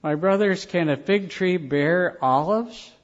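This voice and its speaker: In a dull, lo-fi recording, a male pastor tells stories earnestly during his sermon, leaning on slow, weighted phrasing. His voice is a little high for a man.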